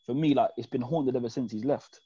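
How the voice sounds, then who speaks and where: A man's voice: mid-range voice, fairly quick, warm tone, slightly rough, no room sound. A young man talks casually, telling a personal story full of fillers. His voice sits mid-range and the recording sounds dry, close and a bit lo-fi. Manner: candid, reflective storytelling with fillers. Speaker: podcast guest fan. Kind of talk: casual chat.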